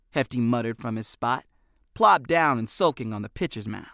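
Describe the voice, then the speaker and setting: A man narrating an audiobook with expressive storytelling, recorded in a booth. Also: medium pitch, moderate pace, gravelly, no room sound, studio quality. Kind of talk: scripted narration.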